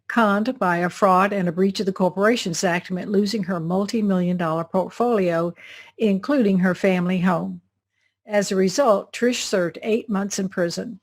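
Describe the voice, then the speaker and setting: A woman with a Southern US accent, hosting a business show, reading a measured scripted introduction and then interviewing her guest. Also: mid-range voice. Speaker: show host.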